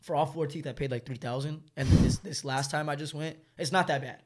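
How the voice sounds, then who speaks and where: Fast-talking young man telling a story. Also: fairly high pitch, steady tone, a little mellow. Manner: rambling slangy storytelling, laughs often. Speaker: storyteller guest. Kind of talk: casual chat.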